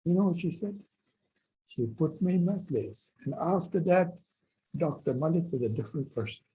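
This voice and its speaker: A male university professor giving a lecture, telling a personal story in an animated, emphatic way with many repetitions. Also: on the high side, normal speed, slight background noise, rough recording.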